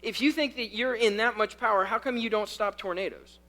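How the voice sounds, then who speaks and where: A youth pastor preaching a conversational sermon, swinging from loud, fast bursts to quiet, slow lines and repeating key phrases for emphasis. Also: male voice, sits high.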